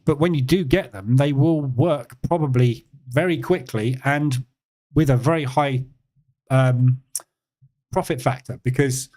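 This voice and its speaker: A man hosts a live trading stream in a relaxed, conversational voice. He speaks at an ordinary mid pitch, repeats words for emphasis and fills pauses with ums and uhs. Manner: relaxed, conversational, answers chat questions; emphatic repetition with frequent fillers. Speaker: trading educator hosting a live session. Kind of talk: live-stream market commentary.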